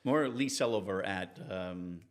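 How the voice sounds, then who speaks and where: A man, a TV reporter and interview guest, telling anecdotes in a relaxed, animated way and acting out the people he quotes. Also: measured pace. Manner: animated, acts out quoted people with raised pitch. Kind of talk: conversational storytelling in an interview.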